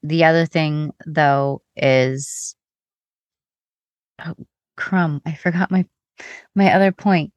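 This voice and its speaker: Low-voiced woman co-hosting a podcast. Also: slow, pauses often, dry recording, highs cut off. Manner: chatty, rambling, many restarts. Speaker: podcast co-host. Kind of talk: casual podcast chat.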